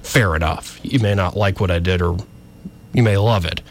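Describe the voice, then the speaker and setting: A man hosting a local talk radio show, ranting with a wry, animated manner, in a radio studio. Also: sits low, normal speed, slight background noise.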